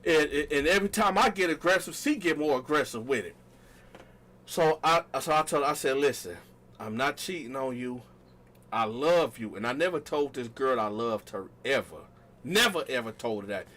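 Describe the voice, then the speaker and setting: A man telling a story casually to his viewers, talking straight to them and acting out the quoted lines loudly. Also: fairly high pitch, expressive, a little fast. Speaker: storytelling vlogger.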